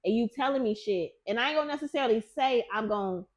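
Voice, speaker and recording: A woman hosting a podcast, chatting casually and telling a story with loud, acted-out quotes. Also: on the high side, fast talker. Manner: animated storyteller, acts out quotes loudly; says "finna" and "type shit", casual and profane. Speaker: podcast host; nurse manager who makes content on the side. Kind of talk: casual chat.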